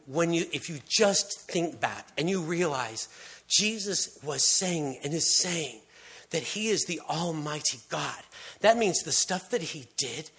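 A man giving a conversational sermon, telling stories with casual restarts and hushed emphasis. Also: fairly high pitch, breathy edge. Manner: casual, storytelling delivery with frequent restarts and dropped-to-hushed emphasis. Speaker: preacher.

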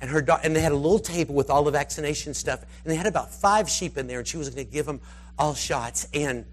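A man preaching, telling a rambling, animated story and slipping into the voices of its characters. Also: a little high, quick pace. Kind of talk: storytelling sermon.

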